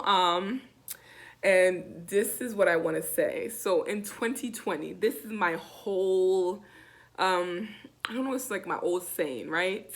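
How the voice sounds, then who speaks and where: A woman with a Jamaican accent giving a casual language lesson, repeating each phrase slowly with many fillers. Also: mid-range voice, fairly bright tone. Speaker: language teacher vlogger.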